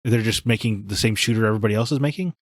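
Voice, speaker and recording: A man's voice: fairly low pitch, very fast, no echo, clean studio sound. A man co-hosting a gaming podcast, talking in blunt, opinionated casual chat. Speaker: podcast co-host.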